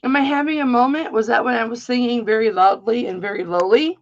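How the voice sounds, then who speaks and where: A woman's voice: a little high, quick pace, dull audio. A middle-aged woman hosting a live-stream jewelry auction, chatting casually and rambling playfully through stories.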